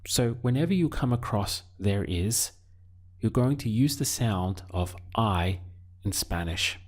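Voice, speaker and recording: A man teaching a Spanish lesson, speaking deliberately and pausing so the learner can answer. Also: lowish voice, animated. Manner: slow, deliberate teaching with pauses for learner practice. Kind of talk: video language lesson.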